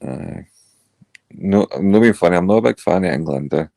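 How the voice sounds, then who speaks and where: A man's voice: deep voice, expressive, moderate pace, gravelly, warm tone. A blunt, sweary man with a Scottish accent, ranting in a casual panel chat. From Scotland. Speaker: panel caller.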